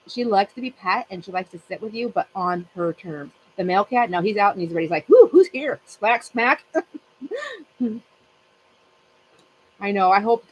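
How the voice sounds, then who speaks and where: A woman's voice: on the low side, a little hiss or hum, low-quality recording. A woman in her fifties hosting a craft channel, chatting casually with her livestream viewers in a rambling way and laughing often.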